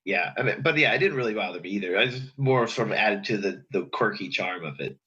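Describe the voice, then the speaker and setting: Lower-voiced guy, husky, bouncy pitch, kinda hesitant, sounds lo-fi and dull. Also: lively intonation, pushed and bright. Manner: hesitant, halting, restarts phrases. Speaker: podcast guest. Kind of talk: casual chat.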